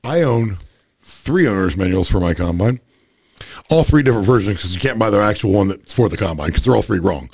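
A man's voice: lowish voice, animated, brisk, darkish tone, breathy edge, no echo. A man co-hosting a podcast in casual chat, blunt and profane, rambling as he makes his point. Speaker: podcast co-host.

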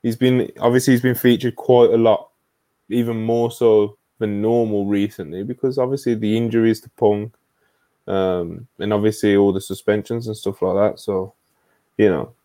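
Podcast host, male, easygoing, warm mellow voice, dry close sound. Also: fairly low pitch, fairly even intonation, moderate pace, no echo. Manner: laid-back, trailing filler words, reads out super chats. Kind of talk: casual podcast chat.

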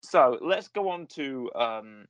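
A man's voice: medium pitch, animated, slow, fairly bright tone, no room sound, lo-fi sound. A man hosting a casual review chat, rambling and searching for words with a joking tone. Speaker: podcast host.

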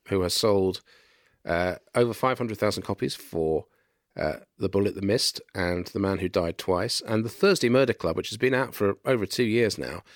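A man co-hosting a book podcast, sounding deeper and throaty from a virus, talking with hesitant restarts. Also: no room sound, studio quality. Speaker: podcast co-host and publisher. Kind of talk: casual podcast chat.

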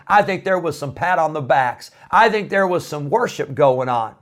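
Earnest preaching man, slightly high voice. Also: lively intonation, moderate pace, hardly any pauses. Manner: earnest, emphatic, conversational preaching. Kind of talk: devotional sermon.

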